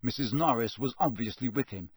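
A man's voice: medium pitch, brisk, slightly rough, dry recording. Man narrating a story, dry close sound. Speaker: audiobook narrator.

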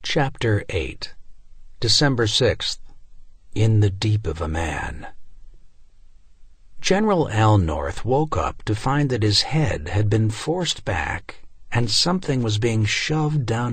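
A man narrating a novel as an audiobook, telling it in a measured, expressive way with dramatic dips and rises. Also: fairly low pitch, husky, dry recording, studio quality.

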